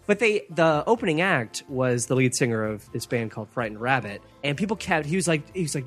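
A young man holds forth in a husky voice with wide swings in pitch. He rants and slips into mocking voices in casual podcast chat, with faint music behind him. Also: a little fast. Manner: ranting, animated, puts on mocking voices. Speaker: podcast co-host.

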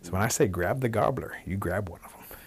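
A man's voice: low-pitched, husky. A man voicing a sly, scheming male rabbit trickster in a spoken folk tale. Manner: quick, coaxing, scheming.

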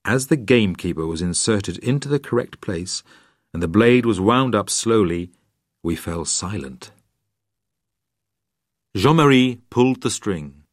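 A man's voice: on the low side, expressive, unhurried, pauses often, dry recording. Wry man reading his memoir aloud. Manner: dry, wry storytelling with voiced dialogue. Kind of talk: scripted narration.

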